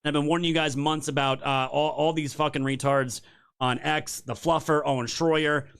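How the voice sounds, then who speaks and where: A man's voice: a little high, steady tone, normal speed, gravelly, fairly bright tone, clear, resonant tone. A man hosting his own political stream, ranting in a heated, profane and sarcastic way straight to his viewers. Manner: talks straight to viewers as "you guys". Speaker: political commentary show host. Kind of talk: live-streamed political rant.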